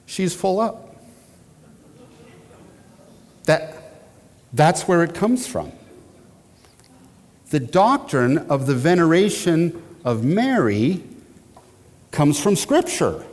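A man teaching church history in a lecture, animated, often repeating words and asking his listeners questions. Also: a little high, slow pace, long pauses. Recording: long hall reverb.

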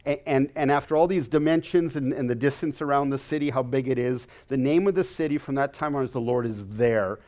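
A man's voice: medium pitch, fairly quick, hardly any pauses, darkish tone. A man teaching a Bible lesson in an earnest way, often stammering and repeating words as he explains.

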